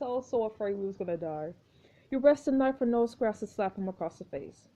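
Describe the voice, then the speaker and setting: A woman reading a story game aloud with expressive commentary, exclaiming at each turn. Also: medium pitch, brisk. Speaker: gameplay narrator. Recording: dull lo-fi recording.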